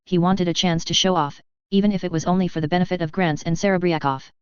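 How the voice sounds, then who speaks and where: A steady storyteller reads a fan fiction aloud, very smooth and clear. The sound is dry with no room, and a touch dull and lo-fi. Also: mid-range voice, fast, dry recording. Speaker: narrator. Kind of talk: audiobook fan fiction reading. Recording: dry, slightly dull lo-fi recording.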